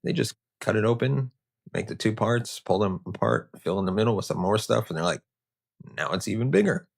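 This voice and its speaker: A man's voice: fairly low pitch, brisk, gravelly, husky. A man hosting a history show, narrating with joking, conversational asides. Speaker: host.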